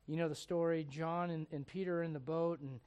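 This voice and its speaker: Male pastor, fairly high voice, lively storytelling sermon delivery, plain everyday phrasing. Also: fairly quick, clear, resonant tone, lo-fi sound. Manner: storytelling preacher, voices biblical figures in casual speech.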